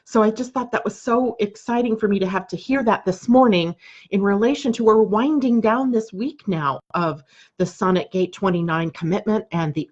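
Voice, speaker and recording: A woman's voice: mid-range voice, muffled recording. A woman from the United States hosting a live daily astrology broadcast, chatty and conversational, often asking rhetorical questions. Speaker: astrologer and show host.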